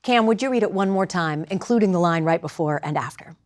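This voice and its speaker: Woman teaching verse rhythm, patient and clear. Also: on the low side, expressive, fast, darkish tone. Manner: clear, patient explaining, directing actors. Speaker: theater instructor. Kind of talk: lecture with live demonstration.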